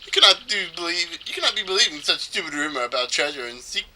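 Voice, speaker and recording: A man's voice: on the high side, lively intonation, fast talker, pushed and bright, slight background noise, voice pushed up, low-quality recording. A man hamming up a pompous flamboyant rich merchant. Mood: scoffing. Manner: theatrical, grandiose, swooning. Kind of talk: let's play voicing of game dialogue.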